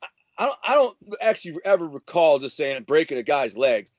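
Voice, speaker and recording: A man from Detroit, a guest telling swaggering, animated stories in casual chat, full of profanity. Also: fairly high pitch, fairly quick, dry recording. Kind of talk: casual storytelling.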